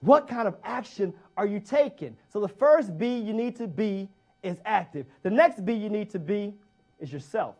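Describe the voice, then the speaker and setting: A man with a fairly high-pitched voice delivers a motivational speech. He speaks emphatically and repeats key phrases to hammer each point home. He often puts direct questions to his listeners. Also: lively intonation, normal speed, darkish tone.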